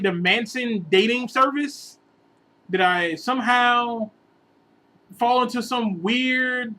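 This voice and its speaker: A man telling a long, rambling relationship story in a casual vlog, animated and sometimes bursting into exasperated outbursts. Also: very high-pitched, rough recording. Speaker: vlogger giving relationship advice.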